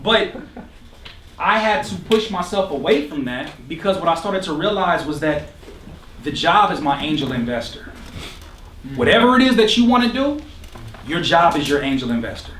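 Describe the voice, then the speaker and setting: A high-voiced man gives an energetic motivational talk to a live audience, throwing questions at the crowd and laughing at his own jokes. He sounds roomy and far from the mic, with faint room noise behind him. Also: moderate pace, pauses often. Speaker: motivational speaker at a producer workshop.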